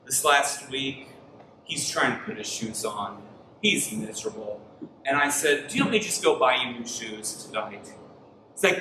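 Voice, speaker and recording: Male pastor, thirties, high and bright, animated storyteller; roomy hall, mic a bit far off. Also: moderate pace, noisy background. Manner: storytelling with acted-out dialogue, sudden shouted outbursts. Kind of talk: sermon. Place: church hall.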